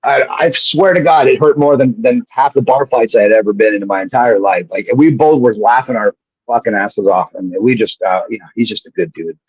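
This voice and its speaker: Husky-voiced man swearing through wrestling stories. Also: mid-range voice, brisk, no room sound. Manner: profane, animated anecdotes with frequent restarts. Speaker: guest, former pro wrestler. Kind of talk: casual storytelling on a live show. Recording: dull lo-fi sound.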